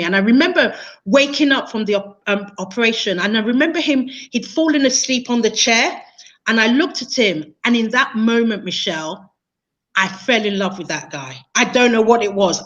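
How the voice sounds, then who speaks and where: A woman's voice: medium pitch, fairly bright tone, muffled recording. A woman, an interview guest telling a personal story in an earnest, emotional way, often repeating herself. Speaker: interview guest, training consultant.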